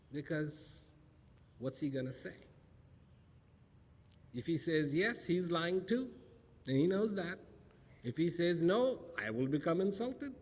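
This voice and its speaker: A man delivering a storytelling talk to an audience, with a slightly raised pitch. He leans on rhetorical questions and emphatic repetition. His voice carries a long reverb from a large auditorium. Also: a little mellow. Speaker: spiritual speaker.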